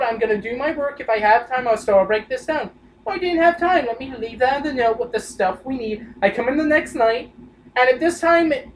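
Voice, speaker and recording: A woman's voice: sits high, darkish tone, poor audio. A young woman telling a work story in a casual, rambling chat. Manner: casual, rambling with side remarks. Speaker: podcast co-host.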